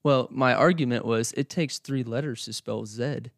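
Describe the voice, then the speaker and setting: A man from Oklahoma who now talks, co-hosting a podcast in relaxed, chatty conversation with frequent laughter. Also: medium pitch, normal speed, vocal fry, no echo, studio quality. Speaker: podcast co-host. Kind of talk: casual chat.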